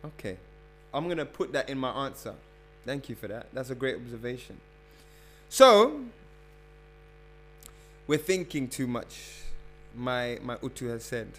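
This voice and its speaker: With a mid-range, sing-song, fairly bright voice, this spiritual health coach talks at a measured pace and pauses often. Addressing followers as "family" in a casual livestream, he preaches emphatically and repeats phrases to drive each point in.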